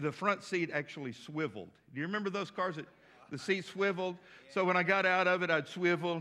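A man in his sixties preaching in a folksy, animated way, slipping into voices as he tells stories. His voice sits high for a man and rings bright. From West Texas. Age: 60s. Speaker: pastor. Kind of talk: storytelling sermon.

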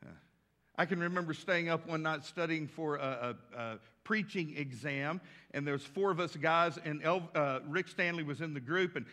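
A pastor, telling folksy anecdotes in an animated storytelling sermon. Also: male voice, on the high side, moderate pace. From West Texas. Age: 60s.

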